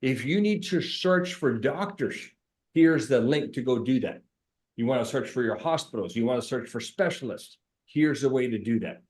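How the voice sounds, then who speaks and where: A middle-aged man who owns an insurance agency gives a casual sales training talk. His mid-range voice moves at a moderate pace, emphatic and animated, and he repeats points to drive them home.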